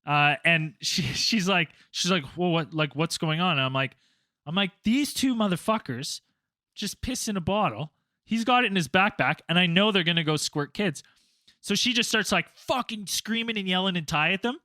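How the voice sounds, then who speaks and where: A man with a high, bright voice spins a crude story in casual podcast chat, swearing freely and raising his voice to act out what people said. The sound is close and dry. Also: moderate pace, no echo. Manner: animated, profane, acts out quotes loudly. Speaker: podcast co-host.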